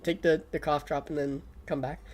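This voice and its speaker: A woman's voice: low voice, flat delivery, normal speed, a little mellow. A young woman streaming casually, rambling with a Valley Girl lilt and constant "like", her throat a little sore. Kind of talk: casual livestream chat.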